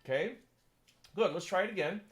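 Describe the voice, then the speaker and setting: Male choir conductor, coaching sopranos, counts in and sings the parts, slightly high voice, faint instrument underneath. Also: a little fast, faint music behind, low-quality recording. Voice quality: sings in falsetto. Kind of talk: choral coaching lesson.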